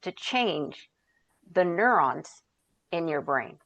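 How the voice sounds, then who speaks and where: Woman guest, coach type, lowish pitch, dry close mic, chatty storyteller. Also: animated, slow, creaky, a bit bright, no echo, highs cut off. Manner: storytelling, searches for words, quotes herself and others. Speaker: podcast guest, founder and coach. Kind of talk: conversational interview.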